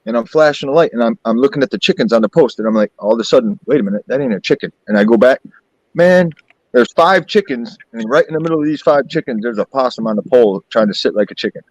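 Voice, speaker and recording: A man telling a rambling, animated story in a casual group voice call, acting out sounds. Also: mid-range voice, fast, no room sound, muffled recording. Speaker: chat participant telling a story. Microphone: online voice call.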